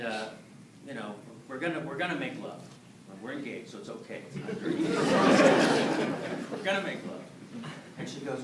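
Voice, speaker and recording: Animated male stand-up comic, roomy hall. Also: on the high side, distant mic, heavy background noise. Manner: animated storytelling, putting on voices for punchlines. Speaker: stand-up comedian. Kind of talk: stand-up comedy set. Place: live venue with audience. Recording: echoey room, mic heard from afar, loud audience laughter. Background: audience laughing.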